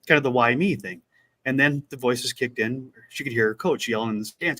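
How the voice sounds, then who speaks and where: A man co-hosting a casual chat, retelling a story with lively acted-out quotes. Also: mid-range voice, moderate pace. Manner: animated retelling, acts out quotes. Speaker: podcast co-host.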